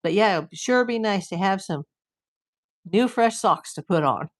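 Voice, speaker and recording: A woman's voice: mid-range voice, lively intonation, normal speed. A woman streaming live from home, chatting casually with her viewers and rambling with lots of "like".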